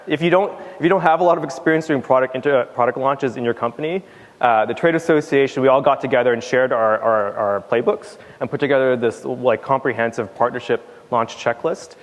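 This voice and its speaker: A man's voice: mid-range voice, brisk. A man giving a casual conference talk on stage, emphatic and fond of repeating words for stress. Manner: casual with fillers and restarts. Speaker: conference speaker. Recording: long hall reverb.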